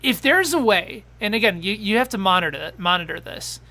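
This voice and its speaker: A man hosting a live fantasy football talk show, excitable and quick in back-and-forth, reading out viewer questions. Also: high-pitched, gravelly.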